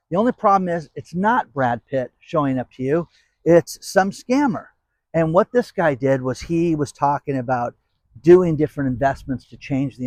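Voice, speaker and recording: Speaking to camera in a relaxed way, this channel host keeps punctuating his points with "okay?" to drive them home. His voice is a little high, and the recording has no room sound.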